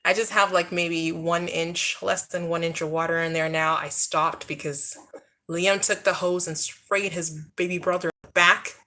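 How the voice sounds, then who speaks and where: A woman in her thirties speaks in a lowish, steady, bright, forceful voice, a little slowly, while chatting casually on a live stream from home. Outdoors near the backyard pool, the vlogger talks to viewers and scolds her kids between asides.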